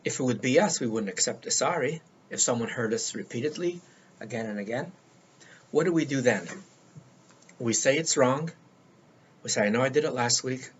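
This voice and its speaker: A man's voice: medium pitch, lively intonation, moderate pace, long pauses. An older man giving earnest life-coaching advice, emphatic and repeating words for stress, on a dull lo-fi recording. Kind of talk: solo talk to camera. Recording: dull lo-fi sound with faint noise.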